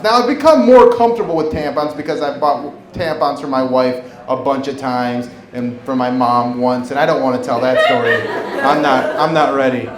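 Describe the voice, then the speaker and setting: A man in his forties performing a stand-up comedy set on a club stage, telling an animated story and acting out the voices of the people in it. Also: medium pitch. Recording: roomy live club recording with crowd laughter. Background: audience laughter.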